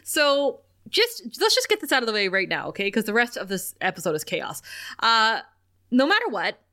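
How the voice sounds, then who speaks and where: A woman's voice: a little high, sing-song, moderate pace, bright, forceful tone. A young adult woman co-hosting a podcast, casually recapping a TV episode, laughing often and acting out quoted lines. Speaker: podcast co-host.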